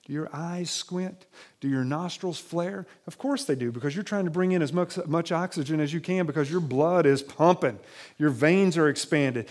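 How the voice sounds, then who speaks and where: A pastor delivers a sermon to his congregation in a church, talking to them in a relaxed, conversational way. His voice sits a little higher than most men's, and he often restarts a phrase before finishing it. When he reads scripture aloud he turns more dramatic. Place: church sanctuary.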